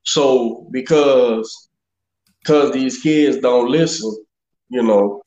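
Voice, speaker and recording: A man's voice: medium pitch, drawn-out words, darkish tone. A man co-hosting a podcast in casual chat, profane and laid-back, saying bro and man a lot. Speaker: podcast co-host. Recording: echoey, dull lo-fi sound.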